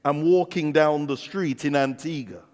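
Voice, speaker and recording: A man with an English accent preaching a sermon as a pastor, telling stories in an animated way and acting out the dialogue. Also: fairly high pitch, moderate pace. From England. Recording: long reverb of a large hall.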